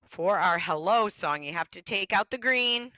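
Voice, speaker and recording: Bright-voiced woman teaching music. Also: moderate pace, studio quality. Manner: animated, breaks into high sung echoes. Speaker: music teacher leading a teacher workshop. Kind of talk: online music workshop with echo songs.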